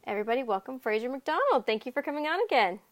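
A woman hosting a casual podcast, bubbly and quick to laugh as she welcomes and questions a guest. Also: high voice, expressive. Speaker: podcast host. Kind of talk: casual chat.

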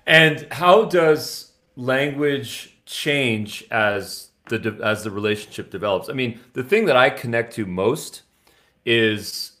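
A man hosting a podcast interview, asking questions in a relaxed, reflective way. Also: mid-range voice, slow. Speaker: host.

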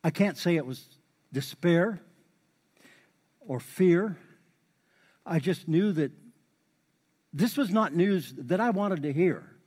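A man's voice: on the high side, takes it slowly, long pauses, husky. Folksy preacher man in a reverberant hall. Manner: folksy, repeats lines for emphasis, bursts into animated exhortation. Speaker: pastor. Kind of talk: sermon. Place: church sanctuary.

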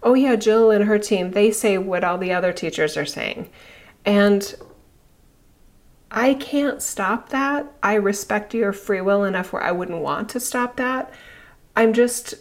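A middle-aged woman spiritual teacher speaking slowly and haltingly, emotional and near tears, with pauses and sighs. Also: mid-range voice. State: emotional, tearful. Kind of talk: reflective spiritual talk.

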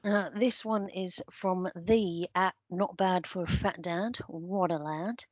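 Someone voicing an odd, dry male stats guru, delivering deadpan one-liners on a comedy podcast. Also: mid-range voice, slow, no echo. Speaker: regular segment judge. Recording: slightly dull lo-fi sound.

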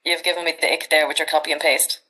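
A woman's voice: low-pitched, quick pace, low-quality recording. Chatty Irish woman in her thirties. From Ireland. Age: 30s. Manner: chatty, animated anecdotes with frank swearing. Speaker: podcast guest. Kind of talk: casual storytelling chat.

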